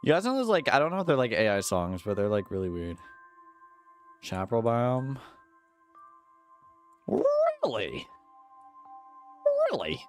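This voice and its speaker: A man's voice: mid-range voice, big pitch swings, a little fast, faint music behind. A man streaming while he plays a game, chatting casually with his viewers in a joking, slangy way. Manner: joking, slangy, talks to chat. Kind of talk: casual live-stream chat while gaming.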